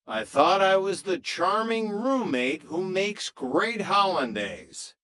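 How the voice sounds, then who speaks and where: A man's voice: high voice, sing-song, slow pace, sharp tone, exaggerated voice. A man voicing an easygoing young male roommate in a storybook reading, with wry, self-mocking lines.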